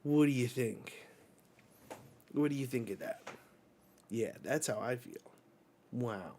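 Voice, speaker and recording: Slow-talking man reacting to a manga chapter. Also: mid-range voice, a little mellow, slight background noise. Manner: casual, rambling, with filler words. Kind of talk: live manga read-aloud and reaction.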